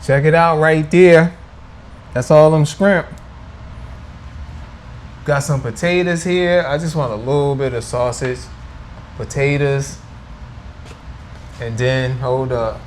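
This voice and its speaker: A man's voice: fairly high pitch, fairly even intonation, takes it slowly, pauses often, slight background noise. A man hosting a casual food vlog, playful and teasing as he talks to viewers at home. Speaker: food vlogger. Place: indoors at home.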